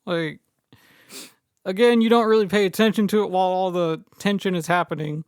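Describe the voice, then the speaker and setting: A man's voice: high voice, fairly even intonation, a little fast, clean tone, no room sound, studio quality. A man co-hosting a podcast, recapping a movie with sarcastic jokes in casual chat. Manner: sarcastic, joking. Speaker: podcast co-host.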